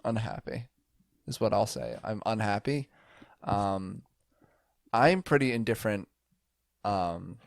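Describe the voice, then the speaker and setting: Casting: young male podcast co-host, blunt and sarcastic, slightly low voice, dry close-mic sound. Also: creaky, dry recording. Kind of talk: casual chat.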